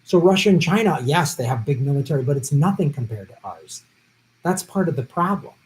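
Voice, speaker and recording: A man's voice: on the high side, lively intonation, a little fast, low-quality recording. A man hosting a live stream, answering viewer questions in a blunt, profane, unscripted way. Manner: blunt and profane, with heated outbursts.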